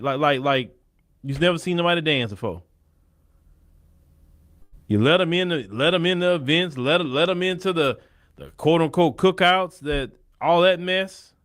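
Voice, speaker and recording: A man's voice: on the high side, a bit bright. A man hosting a show of casual political commentary, blunt and opinionated, often restarting his sentences. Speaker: host.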